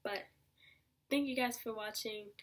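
A woman's voice: fairly high pitch, unhurried. Chatty young woman telling a story. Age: young adult. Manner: chatty, animated, acts out quoted lines. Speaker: vlogger. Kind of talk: casual storytime vlog.

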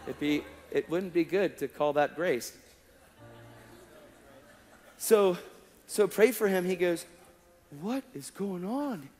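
A slightly high-voiced man tells a testimony from a stage, animated and casual, full of slang and acted-out dialogue. His voice rings through a long hall reverb, with faint music under it. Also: takes it slowly, pauses often. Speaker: preacher. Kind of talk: sermon testimony storytelling.

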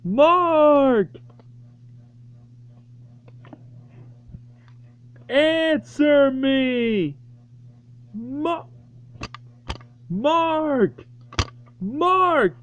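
A young man voicing a whiny, hot-tempered male toy character who yells in shrill tantrums. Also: sing-song, slow pace, exaggerated voice. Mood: impatient. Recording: dull lo-fi home recording.

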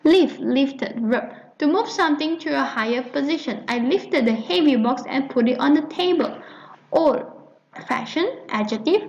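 A woman English teacher reading vocabulary definitions and example sentences in a clear, measured way. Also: high-pitched, a little mellow, highs cut off.

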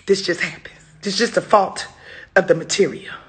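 A woman ranting into her phone camera in casual speech, swearing and breaking into high-pitched wails and shouts. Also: fairly quick. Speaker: comedian venting on social media. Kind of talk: ranting selfie video.

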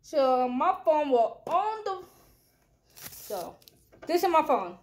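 A woman's voice: high-pitched, big pitch swings, slow pace, darkish tone. A young woman chatting casually in a storytime vlog, rambling and slangy, swearing freely, talking into a headphone mic at home. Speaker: vlogger.

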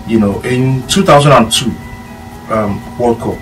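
A man's voice: mid-range voice, unhurried, a bit bright, soft background music. A man with a Nigerian Pidgin accent, a former footballer telling a rambling story full of quoted dialogue in a casual chat. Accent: Nigerian Pidgin English. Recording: distant mic with faint room noise.

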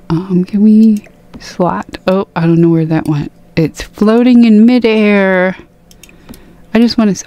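A woman giving a casual game review, gasping and squealing excitedly over cute items. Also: mid-range voice, slow, long pauses, faint music behind. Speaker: gaming YouTuber.

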